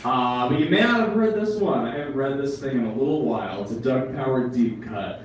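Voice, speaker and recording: Poet, male, mid pitch, reading live with wry asides, recorded from afar in a very echoey room with faint room noise. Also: animated, brisk. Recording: echoey room, mic far off.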